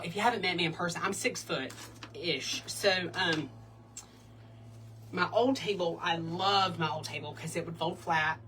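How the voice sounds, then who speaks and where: With a fairly bright voice on the low side, a woman chats bubbly through a casual wreath-making demo in her home craft room, now and then slipping into sing-song bits. The mic is distant.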